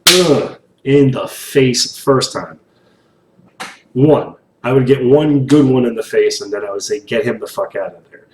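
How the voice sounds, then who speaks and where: A young man in casual reaction commentary while painting, animated, rambling and swearing a lot, recorded on a distant mic in an echoey room with faint hiss. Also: mid-range voice, a little slow. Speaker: reaction video host.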